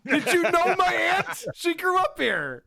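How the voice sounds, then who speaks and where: A man hosts a comedy podcast, tossing out mocking, sarcastic quips between bursts of laughter. His voice sits very high for a man, with a lively, swooping pitch. It has a gravelly fry running through it. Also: a little slow. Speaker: podcast host. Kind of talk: casual comedy podcast banter.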